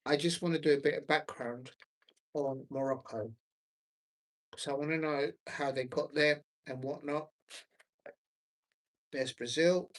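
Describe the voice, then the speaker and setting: A man hosting a football chat on his own, rambling and hesitant, full of ums and restarts while he searches his notes. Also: mid-range voice. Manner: scattered, searching through notes while talking. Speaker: football watch-along host.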